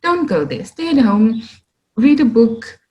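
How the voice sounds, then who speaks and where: A young woman, hosting a podcast in casual, animated chat. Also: on the high side, unhurried, rough recording. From South Africa. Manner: animated, exclamatory, laughs often. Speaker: podcast host.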